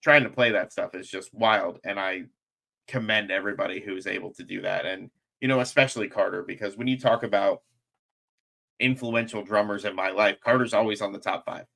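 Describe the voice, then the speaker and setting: A man hosting a podcast, chatting casually and telling lively stories in which he acts out what people said. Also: on the low side, fairly quick, gravelly. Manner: animated storyteller, acts out quotes. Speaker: podcast host.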